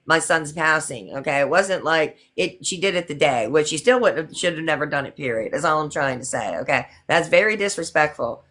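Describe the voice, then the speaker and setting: A woman's voice: low voice, lively intonation, fairly quick, hardly any pauses, fairly bright tone. A middle-aged woman hosting a casual livestream, talking indignantly and repeating her points for emphasis. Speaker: livestream host.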